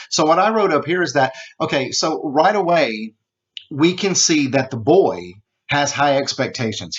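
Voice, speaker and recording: Casual teacher, dull lo-fi sound. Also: male voice, medium pitch. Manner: conversational, repeats "okay", acts out examples. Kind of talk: casual recorded lesson. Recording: dull lo-fi home recording.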